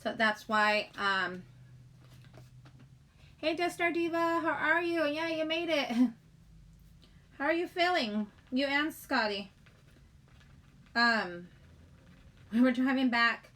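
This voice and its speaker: A woman's voice: high voice, lively intonation, takes it slowly, pauses often, sharp tone. Chatty, giggly woman livestreaming. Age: middle-aged. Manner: chatty, giggly, rambling, greets chat viewers. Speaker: livestream host. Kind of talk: casual livestream chat.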